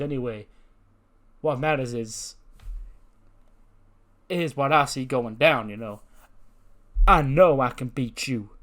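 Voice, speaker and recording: A man's voice: mid-range voice, a bit bright, natural voice. A man voicing a cocky male wrestler who brashly taunts a rival, stumbling over his words. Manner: brash, stammering trash talk.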